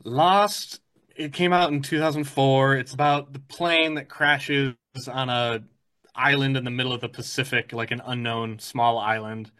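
Bright-voiced enthusiastic man. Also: medium pitch, steady tone, a little slow, clean tone. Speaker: podcast co-host. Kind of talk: casual chat.

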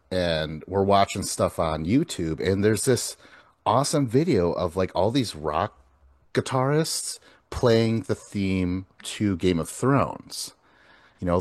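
A man hosting a casual chat, telling stories with animated delivery and a lot of swearing. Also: low-pitched, no room sound, studio quality. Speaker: podcast host.

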